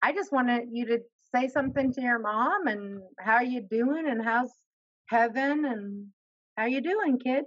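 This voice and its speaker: A woman's voice: fairly high pitch, measured pace, no echo, highs cut off. A woman co-hosting a casual talk show, asking questions and answering with short agreements. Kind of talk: casual chat.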